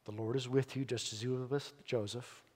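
A pastor preaching a sermon in a church, telling stories earnestly and emphatically with dramatic pauses. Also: male voice, medium pitch, steady tone. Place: church sanctuary. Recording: long church hall reverb.

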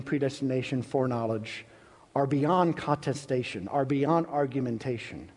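Male preacher, slightly higher voice, unhurried and emphatic sermon delivery. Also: a little mellow, breathy edge. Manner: earnest, emphatic preaching with long pauses. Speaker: pastor. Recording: reverberant hall.

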